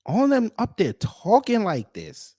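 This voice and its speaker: A man's voice: high-pitched, wildly swooping pitch, a little slow, dark tone, no echo, studio quality. A man from the United States giving a reaction commentary, incredulous and mocking as he talks. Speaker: YouTube commentator.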